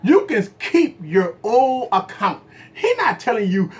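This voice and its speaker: A man hosts a tech livestream and argues his opinions with his viewers. His pitch swoops up and down with animated energy. He hammers his points home with repeated phrases and rhetorical questions. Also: a little slow. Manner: talks straight to viewers as "guys". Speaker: tech channel host and business owner.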